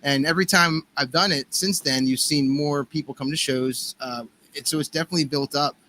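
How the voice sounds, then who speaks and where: Bright-voiced American man, rambling. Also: on the high side, fairly even intonation, a little fast, a little hiss or hum. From United States. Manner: rambling, full of fillers and restarts. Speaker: guest musician. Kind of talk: casual podcast conversation.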